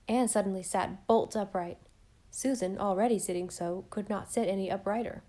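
A woman reading a novel aloud in calm, even storytelling narration. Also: mid-range voice, moderate pace. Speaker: audiobook narrator. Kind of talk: scripted narration.

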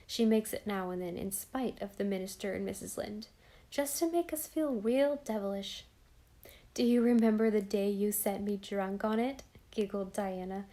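Mellow-voiced woman reading an audiobook. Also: medium pitch. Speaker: audiobook narrator. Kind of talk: audiobook reading with character dialogue.

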